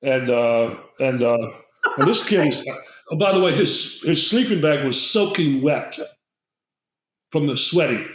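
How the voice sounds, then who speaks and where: A man's voice: mid-range voice, expressive, a little slow, echoey room, a little hiss or hum, poor audio. An older man, a guest herbalist, telling a long, digressive story in a casual interview and acting out the people in it. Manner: rambling, digressive storyteller who acts out quotes.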